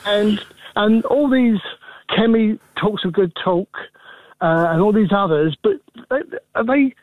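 A man's voice: high-pitched, slow, no room sound, narrow, tinny audio. A man in his sixties from England calling a radio phone-in, talking with many fillers and restarts. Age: 60s. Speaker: caller.

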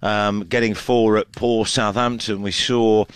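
A male football reporter chatting through the results on air. His voice sits a little low and sounds dry and close. He rambles with many fillers and restarts. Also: level tone, measured pace, smooth, dry recording. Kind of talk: casual match analysis on radio.

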